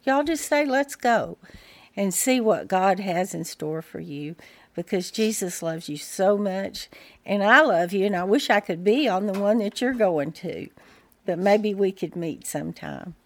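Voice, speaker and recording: A woman, a prison ministry volunteer giving a gentle, hesitant encouraging message. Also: mid-range voice, animated, unhurried, dry recording. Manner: gentle, hesitant, repeats words.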